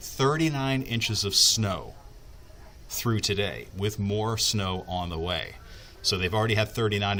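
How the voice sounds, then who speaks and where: A man's voice: fairly low pitch, bright, forceful tone, a little hiss or hum. A man working as a TV meteorologist, explaining the weather in a casual, chatty way, with asides and fillers as he thinks aloud.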